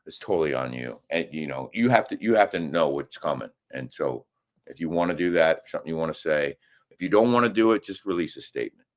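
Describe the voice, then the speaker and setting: Middle-aged male co-host, very low voice, casual live-chat delivery with emphatic argumentative bursts. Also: expressive, fast talker. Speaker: co-host of a live daily show. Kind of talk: casual live-stream chat, reading comments. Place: hotel room.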